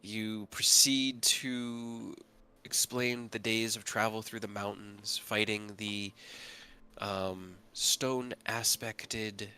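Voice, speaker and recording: A man's voice: lowish voice, fairly even intonation, takes it slowly, pushed and bright, smooth. A man narrating as game master of a tabletop game, in a casual, rambling way.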